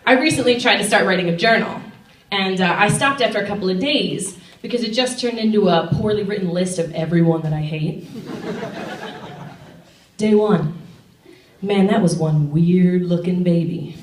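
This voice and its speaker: Deadpan young woman comic, roomy and distant. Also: mid-range voice, normal speed. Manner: deadpan storytelling with loud bursts of acted quotes. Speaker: stand-up comedian. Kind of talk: stand-up set. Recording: roomy sound from a distant mic.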